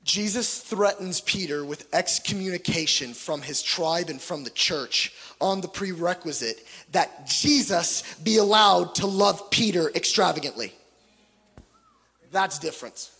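Guy preaching, high voice that swoops all over, loud then hushed, big echoey hall. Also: husky. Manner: impassioned, swings from loud pleading to hushed, jokey asides. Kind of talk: sermon. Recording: long hall reverb.

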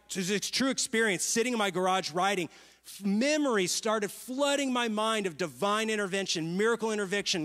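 High-voiced male pastor in a reverberant hall. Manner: lively, storytelling, asks the crowd questions. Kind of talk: sermon.

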